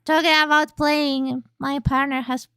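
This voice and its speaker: Streaming from home, a young woman who works as a VTuber talks into a nearby mic in a very dry space without room sound. Her voice is high, bright and clear, though her delivery is flat and unhurried; she banters loosely with chat, reads it aloud, swears casually and squeals suddenly during play.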